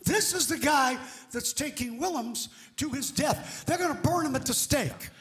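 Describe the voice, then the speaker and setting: A man preaching a sermon through an interpreter. He tells the story emphatically and builds to shouts. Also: extremely high pitch, normal speed.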